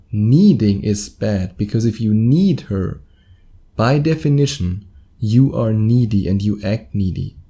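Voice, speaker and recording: A man's voice: medium pitch, dark tone. A man with a German accent hosting a solo podcast, chatty and laughing at his own slips. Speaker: podcast host.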